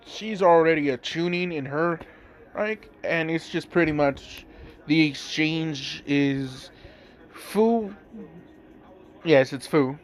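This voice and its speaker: A man's voice: on the high side, slow pace, pauses often. A man casually telling a fan-made story, rambling with lots of fillers and asides. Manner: rambling, filler-heavy, amused.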